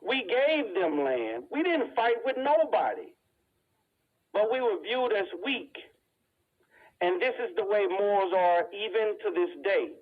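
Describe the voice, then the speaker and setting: A man's voice: sits high, very animated, a little slow. A man talking in a blunt, crude, lecturing way in a casual monologue. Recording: tinny phone-like audio.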